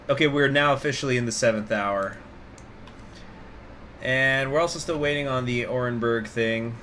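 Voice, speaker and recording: A man's voice: mid-range voice, normal speed, pauses often, fairly bright tone, slight background noise. Rambling male gaming streamer. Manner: rambling, digressive, laughs often. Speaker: gaming channel host. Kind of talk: casual commentary while playing a strategy game.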